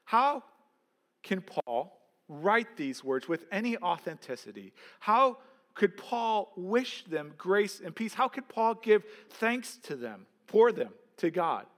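A man's voice: high voice, very animated, slow, a bit bright, long reverb tail. A pastor preaching a sermon in an earnest, emphatic way, asking his listeners questions.

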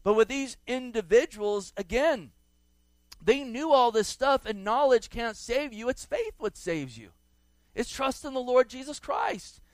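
A male preacher with a high, clean, ringing voice delivers an emphatic sermon. He leans hard on key words and repeats them, and he lifts his voice when he quotes scripture. The sound is dry and close. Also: big pitch swings, a little slow, no room sound. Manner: quotes scripture in a raised, dramatic voice.

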